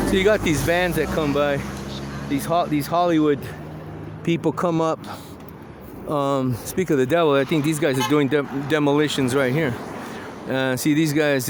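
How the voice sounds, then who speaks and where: A man's voice: on the high side, slight background noise. A man telling rambling stories in a casual walking vlog, acting out the voices he quotes, outdoors on a hillside street. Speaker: vlogger.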